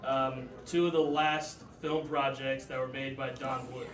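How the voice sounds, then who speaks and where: A man's voice: mid-range voice, flat delivery, unhurried, fairly bright tone, a little hiss or hum. A man in a convention audience asking a question hesitantly. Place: convention hall. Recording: distant, echoey convention hall with crowd.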